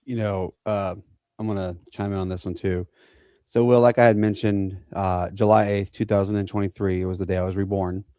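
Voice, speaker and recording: A man, co-hosting a podcast and telling a personal story in an earnest, halting way. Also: low voice, little pitch movement, mellow, clear, resonant tone, no echo. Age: 40s. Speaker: podcast co-host.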